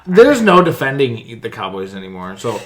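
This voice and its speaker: A man's voice: medium pitch, big pitch swings, moderate pace. A man co-hosting a casual football podcast, laid-back and joking with some profanity. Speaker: podcast co-host. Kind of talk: casual sports chat.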